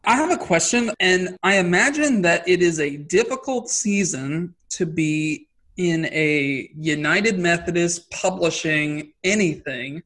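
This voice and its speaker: A man conducts an interview in a slightly high voice. He speaks in a warm, appreciative way. He pauses on fillers as he works toward his questions. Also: animated.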